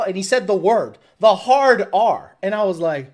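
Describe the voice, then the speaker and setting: Animated, profane woman telling stories. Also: medium pitch, moderate pace, few pauses. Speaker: live show host. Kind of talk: casual storytelling.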